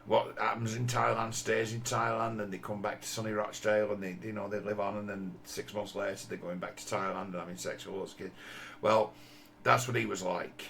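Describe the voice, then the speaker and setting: Fifties man, deep and rough-edged, rambling blunt monologue with lots of swearing. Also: little pitch movement, a bit bright, slight background noise. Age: 50s. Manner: blunt, profane, halting with many restarts. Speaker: commentator.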